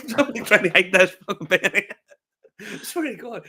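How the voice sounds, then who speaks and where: A middle-aged man with a Northern Irish accent, chatting casually and telling animated, sweary stories with frequent laughter. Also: sits high, unhurried. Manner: animated storyteller, swears freely, laughs often. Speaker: podcast co-host. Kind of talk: casual chat, anecdote.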